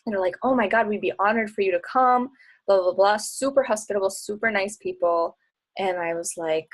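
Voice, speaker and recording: A woman's voice: mid-range voice, a little fast. A young woman talking casually as a travel blogger and coach, chatty and bubbly, often laughing and acting out bits of dialogue. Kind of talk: casual talk answering audience questions.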